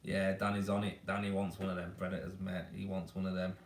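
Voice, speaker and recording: A man's voice: sits low, level tone, quick pace, echoey room, a little hiss or hum. A man from Leeds with a Yorkshire accent, chatting bluntly and casually on a live stream, calling viewers "mate" and giving them down-to-earth advice. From Leeds, England. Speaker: tradesman hosting a weekly live Q&A stream. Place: baby's room at home.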